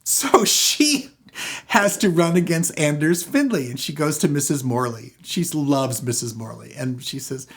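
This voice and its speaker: An older man talks through a classic movie in a casual review. He is animated, laughs often and slips into the characters' voices. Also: a little high, a little slow, husky. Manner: animated, laughing, acts out scenes. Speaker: film reviewer.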